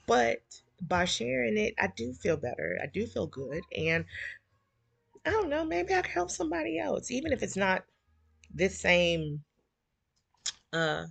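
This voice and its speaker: A woman's voice: medium pitch, vocal fry, a bit bright, breathy edge, no echo. A middle-aged woman, hosting a livestream and rambling emotionally while she reads viewer comments. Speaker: livestream host. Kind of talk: casual heartfelt livestream chat.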